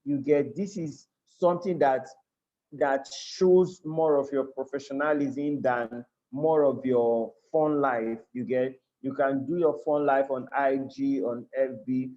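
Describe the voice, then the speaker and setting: A man's voice: medium pitch, fairly even intonation, measured pace, warm tone. Man, Nigerian accent, online class instructor, earnest, repeats himself, muffled call audio. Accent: Nigerian English. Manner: earnest, repeats and restarts phrases, checks in with listeners. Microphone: video call.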